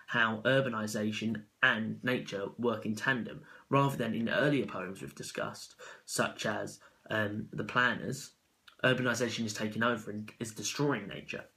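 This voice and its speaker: A man giving an unscripted spoken analysis of a poem as a student, halting and correcting himself as he goes. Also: medium pitch, steady tone, pushed and bright, rough recording. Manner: halting, with self-corrections and fillers.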